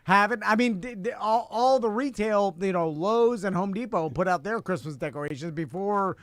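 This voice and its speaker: A man's voice: sits high, moderate pace, fairly bright tone, dry recording. A man co-hosting a live talk stream, chatting casually and laughing a lot while he rambles. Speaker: co-host.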